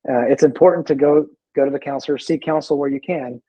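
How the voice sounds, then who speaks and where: Husky-voiced man with halting, easy talk. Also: a little high, fairly even intonation, no echo, muffled recording. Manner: halting, repeats words, easygoing storytelling. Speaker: guest, veteran in recovery. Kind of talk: casual interview talk.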